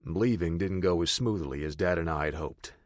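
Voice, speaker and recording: Low-voiced man narrating an audiobook. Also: moderate pace, no room sound, studio quality. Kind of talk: first-person audiobook narration.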